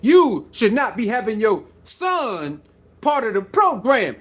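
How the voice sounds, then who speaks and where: Vlogger with a mid-range pitch riffing to camera in an animated, repetitive style, quizzing viewers and laughing between points. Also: slow. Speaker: sports commentary vlogger. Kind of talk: casual commentary to camera.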